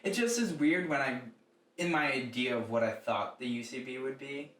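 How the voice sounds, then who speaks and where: A young man in casual podcast chat, rambling along with plenty of "like"s. His voice sits at a middle pitch and is caught from a bit away from the mic. It carries the echo of a hard room. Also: normal speed, a bit bright. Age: young adult. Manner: rambling, filler-heavy talk with many "like"s. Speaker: podcast co-host. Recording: echoey room, mic at a distance.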